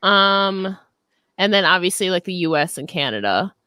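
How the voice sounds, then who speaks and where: A woman's voice: lowish voice, expressive, normal speed, pushed and bright, clear, resonant tone, no room sound. A young woman guest on a casual video-call interview, rambling with lots of fillers and restarts. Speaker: interview guest, podcast host.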